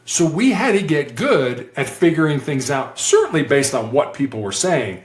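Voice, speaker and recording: A former hostage negotiator, slightly high-voiced and speaking at normal speed, tells interview stories in a roomy-sounding space. His conversational storytelling is lively, and he acts out the voices he quotes.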